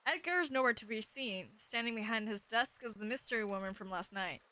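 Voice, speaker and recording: A woman's voice: fairly high pitch, brisk, bright, forceful tone. A woman streamer reading a visual novel aloud, narrating in a playful way and often breaking off to comment on the text. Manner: playful, self-interrupting narration.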